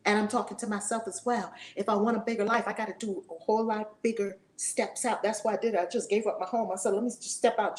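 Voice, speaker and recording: A woman's voice: mid-range voice, darkish tone. A woman in her forties teaching a spiritual lesson in a fiery, preacher-like way, acting out voices. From United States.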